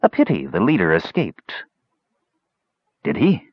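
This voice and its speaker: A man voicing Raistlin, a soft-spoken cold young mage. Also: deep voice, huge pitch swings, a little slow, breathy edge, no echo, highs cut off, full character voice. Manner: soft, whispering, cool.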